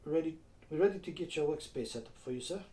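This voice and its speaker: A man's voice: fairly high pitch, expressive, quick pace, warm tone, roomy sound, voice pushed up, close to an everyday voice. A man voicing an efficient young woman office manager, polite, businesslike and proud.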